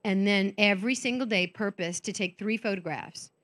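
A woman's voice: mid-range voice, normal speed. A middle-aged woman speaking at a faith conference, talking conversationally and acting out the voices in her own head. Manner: animated, conversational, acts out inner voices. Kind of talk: motivational faith talk to an audience. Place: conference stage.

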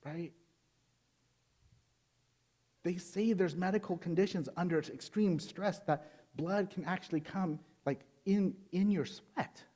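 Male pastor, sermon, mellow warm voice, moves from quiet reading to urgent emphasis. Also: on the high side. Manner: reads scripture softly, then preaches with rising intensity.

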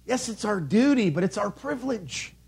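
A man's voice: high-pitched, lively intonation, moderate pace, vocal fry, a little mellow, breathy edge. A man preaching a sermon from a church pulpit, emphatic, with repeated calls and rhetorical questions. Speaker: pastor.

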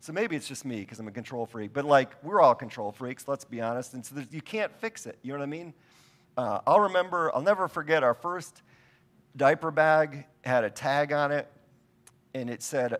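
A man's voice: medium pitch, moderate pace, fairly bright tone. A middle-aged man preaching a sermon, telling stories in a casual, conversational and self-deprecating way. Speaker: pastor.

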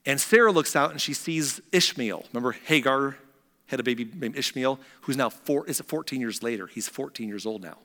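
A man preaching a sermon, retelling a scripture story and swinging between animated, louder passages and hushed, quiet ones. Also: medium pitch, brisk, in a large hall.

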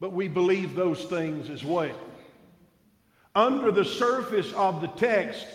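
A man preaching a sermon in a church, slow and measured, with dramatic pauses. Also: high voice, a little hiss or hum. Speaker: pastor. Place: church sanctuary. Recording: reverberant church sanctuary.

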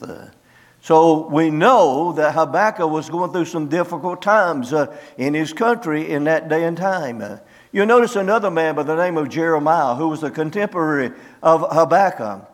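A man preaching a sermon as pastor, reading scripture slowly and emphatically with many "uh" fillers. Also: fairly high pitch, lively intonation, in a large hall.

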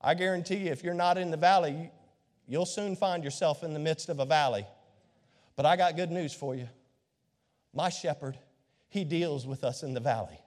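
A man preaching a sermon as pastor, dramatic, acting out the voices of Bible figures and swinging from hushed tones to shouts. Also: fairly high pitch, normal speed, long pauses. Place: church sanctuary. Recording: long hall reverb.

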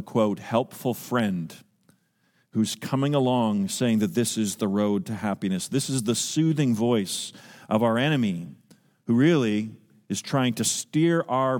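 A man with a fairly high-pitched voice preaches a sermon as pastor in a large church sanctuary. He's earnest and emphatic, putting pointed questions to his listeners.

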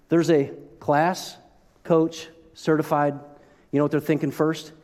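A middle-aged man preaching a sermon as pastor, animated, with joking asides and frequent restarts. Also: fairly high pitch, unhurried. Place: church sanctuary. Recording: long hall reverb.

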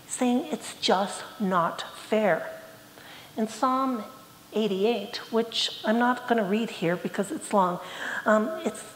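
A woman preaching a sermon, speaking earnestly and quoting scripture with rising emphasis. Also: a little high. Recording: echoey hall, faint ambience.

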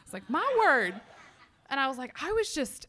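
Animated woman telling a testimony. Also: high-pitched, fast talker. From Texas. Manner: animated storytelling with many fillers and quoted self-talk. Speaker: speaker at a church talk. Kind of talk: personal testimony talk.

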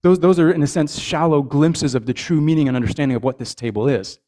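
A man's voice: fairly high pitch, fast, warm tone. A man, a father with young boys, preaching a communion sermon in an earnest way, often repeating words and checking in with his listeners. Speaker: pastor.

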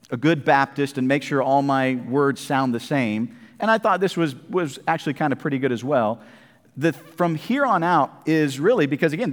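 A man's voice: mid-range voice, in a large hall. A man preaching a sermon, chatting casually between emphatic scripture readings at a church service.

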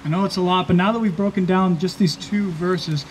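A pastor preaching an earnest sermon, slowing down and stressing key phrases. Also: male voice, high voice, steady tone, a little hiss or hum.

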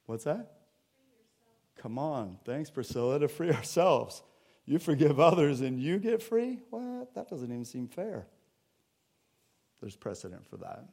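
A man's voice: mid-range voice, sing-song, unhurried, gravelly, pauses often, a little mellow, slightly rough. A man preaching a sermon as pastor in a church, talking with the congregation in a conversational way and acting out Bible scenes. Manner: acts out Bible scenes in quoted voices. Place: church sanctuary.

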